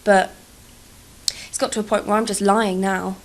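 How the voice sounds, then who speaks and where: A young female YouTuber from England chats casually over gameplay, rambling, self-deprecating and swearing freely, her accent drifting between posh and Cockney. Her mid-range voice is delivered flatly at normal speed.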